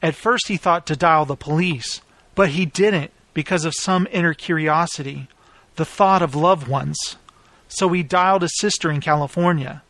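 A man's voice: a little high, normal speed, fairly bright tone, dry recording. Man narrating a story, dry close mic. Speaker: author and narrator. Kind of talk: scripted audiobook narration.

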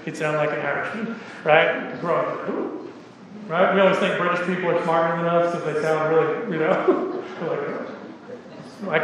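A man's voice: fairly high pitch, a little slow, very noisy. A man with a Texan accent preaching a sermon as pastor, emphatic and joking with the congregation. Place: church sanctuary. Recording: echoey church hall with reverb.

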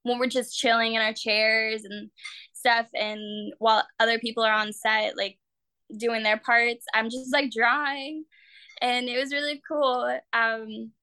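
Bright chatty young woman. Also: flat delivery, unhurried, clear, resonant tone, dry recording. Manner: chatty, full of "like" fillers, acts out quotes in high voices. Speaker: guest, actor and artist. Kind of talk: casual interview talk.

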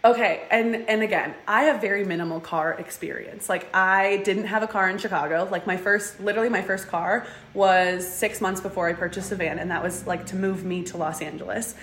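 Young woman guest, animated storyteller, filler-heavy, echoey room. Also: medium pitch, brisk, hardly any pauses, slight background noise. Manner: animated, says "like" often, acts out quotes. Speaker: guest, van dweller. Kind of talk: casual interview storytelling.

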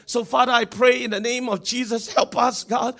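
Fervent high-voiced male pastor praying. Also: steady tone, normal speed, vocal fry. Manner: fervent, repetitive invocations, rising to shouts. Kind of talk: sermon prayer.

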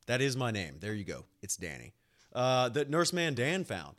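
A young man hosting his own podcast, rambling through a personal story in casual chat, animated and swearing freely, with lots of "like" and "uh.". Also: medium pitch, moderate pace. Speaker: podcast host and nurse.

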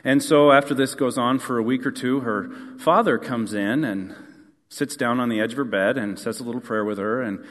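A male pastor preaching a sermon in a relaxed, conversational storytelling way, with frequent fillers and restarts. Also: mid-range voice, normal speed. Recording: long church hall reverb.

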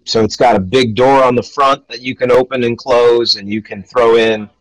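A man's voice: mid-range voice, steady tone, moderate pace, low-quality recording. A man hosting a casual podcast chat, rambling with frequent restarts. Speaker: podcast host.

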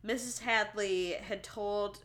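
A woman's voice: medium pitch, fairly even intonation, slow, fairly bright tone. A woman co-hosting a casual true-crime podcast, reading out case notes and joking and laughing between the facts. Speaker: podcast co-host.

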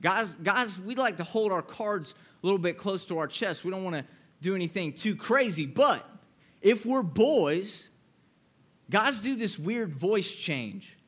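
A man's voice: sits high, lively intonation, normal speed, a bit bright. A young man giving a youth sermon in a playful, joking way, acting out voices to make his point. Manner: playful, jokey, acts out voices. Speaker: youth pastor.

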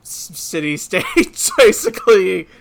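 A man from California co-hosting a casual podcast chat, laughing often and telling stories quickly. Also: sits high, very animated, creaky, a little hiss or hum. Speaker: podcast co-host.

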